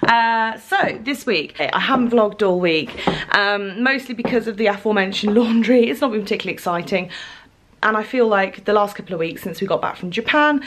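A woman's voice: medium pitch, brisk, fairly bright tone, a little hiss or hum. A young woman chatting casually to camera as a vlogger, bubbly and giggly. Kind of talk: casual vlog chat. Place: home, then a shop fitting suite.

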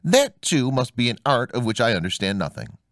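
A man's voice: mid-range voice, big pitch swings, fairly quick, fairly bright tone, dry recording, studio quality. A man voicing a simple, fearless young man who speaks plainly, stubborn and earnest, in a storybook reading. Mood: musing.

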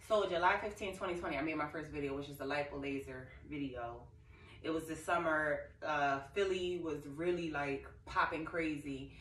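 Woman, young, low voice, emotional rambling vlog talk, roomy sound. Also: normal speed, fairly bright tone. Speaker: vlogger. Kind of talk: casual talk to camera. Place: living room. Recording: echoey room, far from mic.

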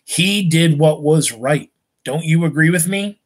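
A stern farmer father who lectures his grown son at the supper table, slow and deliberate, read aloud by a man in a slightly high voice. He reasons rather than shouts, every point laid out with care.

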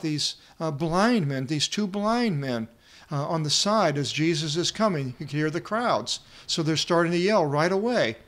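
Male Bible teacher and translator, fairly high voice, reads Greek then explains with plenty of "uh"s. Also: expressive, a little slow, a bit bright. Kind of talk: Bible study lesson.

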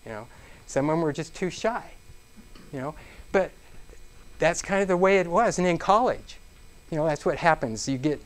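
Speaking to a roomful of people at a business seminar, a man repeatedly checks in with his listeners by asking "okay?" and animatedly acts out exclamations. His voice is a little high, at normal speed, with frequent pauses.

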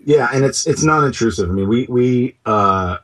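A man talking as a startup co-founder in an interview. He is animated and keeps restarting his sentences, and he throws in comic asides. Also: mid-range voice, normal speed. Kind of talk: casual interview talk.

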